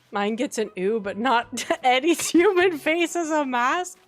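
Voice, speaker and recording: A woman streaming a game, chatting casually and gushing over her decorating, squealing when something looks cute. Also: high voice.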